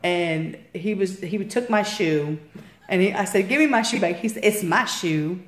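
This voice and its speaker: A woman's voice: mid-range voice, moderate pace, slight background noise. A woman in her fifties, a grandmother casually telling family stories and acting out the voices in them. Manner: animated, acts out voices in anecdotes. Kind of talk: casual storytelling. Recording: roomy echo.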